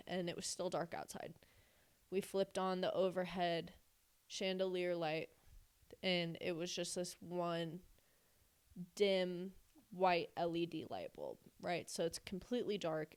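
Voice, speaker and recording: Woman telling her story, low voice. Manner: earnest, emotional retelling with quoted dialogue. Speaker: person sharing her testimony. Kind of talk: personal storytelling.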